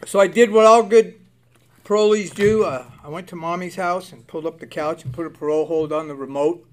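A man's voice: sits high, a little fast. A man in his sixties from Southern California telling his recovery story bluntly and profanely, acting out the people in it. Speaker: recovery speaker. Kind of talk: personal testimony, storytelling.

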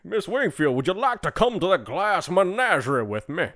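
A man voicing a pompous old Southern gentleman with a booming put-on drawl. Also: big pitch swings, moderate pace, no echo, studio quality, heavily acted. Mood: blustering. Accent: American Southern, put on.

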